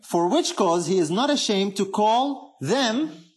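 A man's voice: high voice, animated, takes it slowly. A man preaching a sermon, emphatic, often asking the congregation questions.

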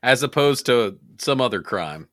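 A man co-hosting a casual podcast, teasing the others with quick interjections. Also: medium pitch, lively intonation, a bit bright. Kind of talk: casual chat.

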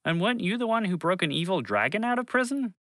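A man voicing Fred, a curious, gentle small creature in a children's story, asking plain questions. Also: high voice, big pitch swings, fast talker, dry recording, pitched above the performer's own voice. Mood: objecting.

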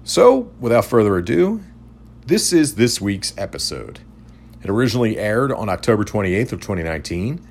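Deep voiced guy hosting a chill review podcast, jokey, kinda faint hiss behind. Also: big pitch swings, a little mellow. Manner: jokey, reads notes quickly. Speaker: podcast host.

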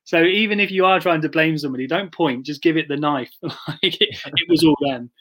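A man's voice: a little high, a little fast, fairly bright tone. A man co-hosting a casual podcast, telling chatty anecdotes and quoting others.

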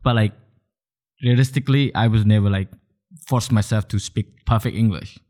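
Male podcast host, low-ish voice, loose and chatty. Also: steady tone, normal speed, darkish tone. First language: Khmer. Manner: chatty, many restarts and "like" fillers, bursts of laughter. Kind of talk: casual interview chat.

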